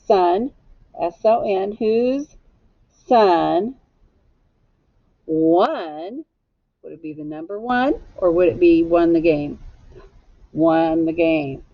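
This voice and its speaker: A woman teacher leading a spelling lesson for young children, sounding out each letter slowly and deliberately. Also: fairly low pitch, no echo, highs cut off.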